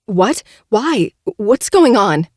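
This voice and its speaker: A man voicing a fierce, panicked young woman in an audiobook reading, talking in a sharp, urgent way. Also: high voice, steady tone, moderate pace, no room sound, studio quality, voice pushed up.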